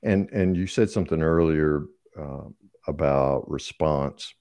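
A man in his sixties, a podcast guest who tells stories in a relaxed conversational way and laughs often. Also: a bass voice, a little slow, dry recording, clean studio sound. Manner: warm storyteller, laughs often. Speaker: guest speaker.

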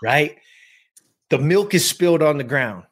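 Animated yet a little slow, this fairly high-pitched voice belongs to a productivity coach in his fifties from the American West Coast. As a guest, he shares a personal story emphatically, addressing the audience directly.

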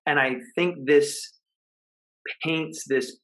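A man, a coach and podcast guest, recounting a story in an earnest, measured way with pauses. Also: on the high side, fairly even intonation, a bit bright, rough recording. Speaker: guest, high-performance coach. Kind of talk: storytelling interview answer.

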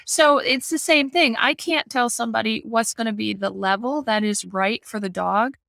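A woman's voice: fairly high pitch, normal speed, gravelly, a bit bright, no room sound, studio quality. A middle-aged woman dog trainer in a casual podcast chat, explaining with homely analogies. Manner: explains with homely analogies, acts out family voices.

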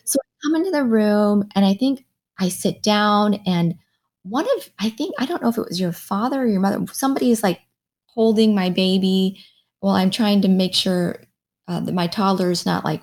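A woman's voice: mid-range voice, creaky. A woman in her thirties, a pediatric radiologist, telling a story in casual conversation and acting out what people said. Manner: animated storyteller who acts out quoted dialogue.

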